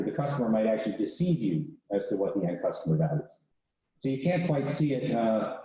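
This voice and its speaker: Guy lecturing on pricing, mellow dark voice, chatty, lots of "right?", super echoey room. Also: mid-range voice, slight background noise. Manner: conversational, tags points with "right?". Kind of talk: classroom lecture with case story.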